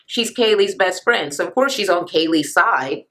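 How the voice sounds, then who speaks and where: A young woman ranting through a casual reality TV recap, blunt and sassy, swearing freely and jumping into sudden high squeals. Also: lively intonation, normal speed, fairly bright tone, rough recording. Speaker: vlogger reviewing reality TV.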